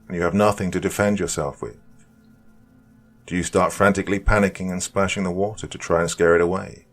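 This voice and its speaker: A man reading horror scenarios as scripted narration, in a slow, dramatic, hushed delivery. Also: deep voice.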